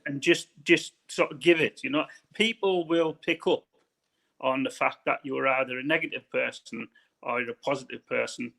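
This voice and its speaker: Gravelly-voiced northern English man. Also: mid-range voice, fairly even intonation, moderate pace, a bit bright. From northern England. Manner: rambling, repeats words. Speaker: guest. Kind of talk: casual interview chat.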